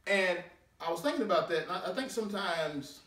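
A man's voice: expressive, bright, forceful tone. Man preaching in an echoey church. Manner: preaching with swooping pitch and drawn-out scripture reading. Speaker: deacon. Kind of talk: sermon. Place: church sanctuary. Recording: echoey church room, mic at a distance.

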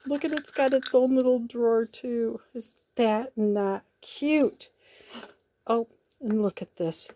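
A woman's voice: a little high, creaky, warm tone, a little hiss or hum. A woman vlogger chatting casually to her viewers as she unboxes a parcel, gasping and gushing with delight and calling things cute. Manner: gushing, gasps often with delight. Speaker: crafting vlogger.

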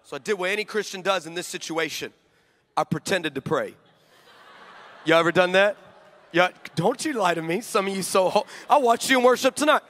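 A male preacher telling a comic story in a sermon, animated and joking, acting out both sides of conversations before a live congregation. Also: high-pitched, brisk. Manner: animated, joking, acts out dialogue. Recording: long hall reverb.

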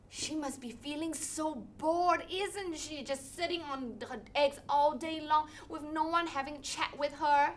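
High lively lady leading kids through a story, slow and sing-songy, quacks and boom sounds. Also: a little hiss or hum. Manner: animated, sing-song, with sound effects. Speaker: storytelling workshop leader. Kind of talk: interactive children's storytelling.

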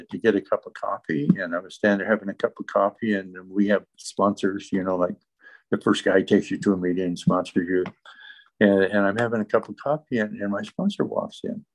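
A man's voice: fairly low pitch, poor audio. A man sharing his recovery testimony as an interview guest, telling the story earnestly and in close detail.

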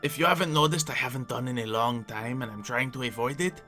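A man speaking in character for a Minecraft roleplay, formal and measured, with a bright, forceful tone. His voice sits in the middle of the range. Light music plays behind him. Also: mid-range voice. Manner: formal, measured, often addresses the other by name. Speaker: roleplay player.

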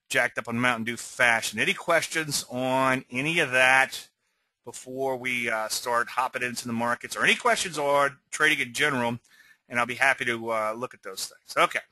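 Rambling, bright-voiced man teaching trading. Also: mid-range voice, moderate pace, no room sound. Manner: rambling, conversational, peppers with "okay?". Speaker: trading educator. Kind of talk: live webinar teaching with Q&A.

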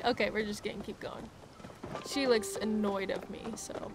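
A woman's voice: fairly high pitch, moderate pace, noisy background. Bubbly woman narrating a game. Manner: bubbly and excitable, with frequent gasps and exclamations. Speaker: gaming video creator. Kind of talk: let's play commentary. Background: game music.

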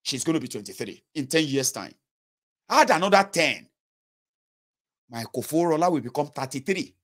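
Nigerian man in his 30s, Yoruba accent, fairly high voice, earnest pleading commentary to camera. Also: big pitch swings, moderate pace, a bit bright. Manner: earnest, pleading, code-switching into Pidgin and Yoruba. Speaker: political commentator. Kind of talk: impassioned direct-to-camera monologue.

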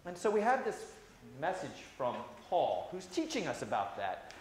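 A man, a priest, giving a gentle, conversational children's sermon with many "uh" fillers in a church sanctuary. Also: on the high side, huge pitch swings, moderate pace. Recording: very echoey church hall, faint hiss.

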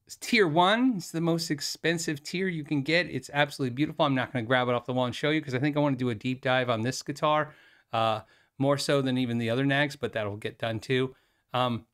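Middle-aged male host, casual rambling monologue, laughs a lot, medium pitch. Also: a bit bright. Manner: rambling, chatty, laughs often, many fillers and restarts. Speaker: YouTube host, former music store owner. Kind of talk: casual chat to camera.

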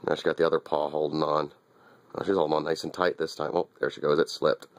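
Talking fast in a level-toned bass voice, a dog owner narrates to camera while filming his small dog. His casual commentary is wry and teasing, full of repetition, and recorded dry.

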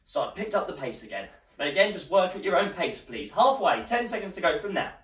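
A man's voice: sits high, very animated, a little fast, a bit bright. A male fitness instructor leading a live workout class, slightly out of breath as he exercises and counts down the rounds. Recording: roomy echo, distant mic.

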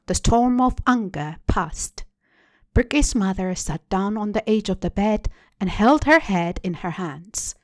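A woman hosting a storytelling show, reading a translated short story aloud in a measured, deliberate way. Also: medium pitch, expressive, no room sound. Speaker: story reader. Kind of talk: literary reading.

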